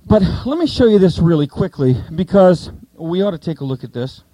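A man teaching a Bible study to a group, asking the listeners questions and repeating key points slowly. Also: sits high, sing-song, warm tone, no room sound, rough recording.

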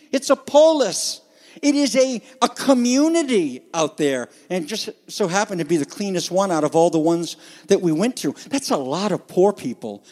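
A man's voice: fairly high pitch, mellow. A pastor delivering a conversational sermon with emphatic phrasing, explaining scripture to his congregation. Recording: long hall reverb.

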